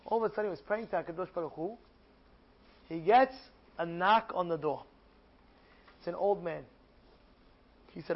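High-voiced animated rabbi storyteller. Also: male voice, moderate pace, long pauses, highs cut off. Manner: animated, repetitive, emphatic. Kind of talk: storytelling Torah lesson.

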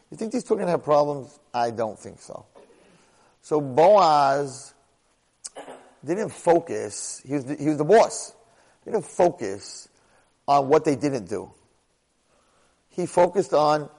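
A man's voice: mid-range voice, expressive, moderate pace, a little mellow, long reverb tail, poor audio. A middle-aged man teaching a Torah class, emphatic and fond of rhetorical questions, often restarting his sentences. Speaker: Torah lecturer.

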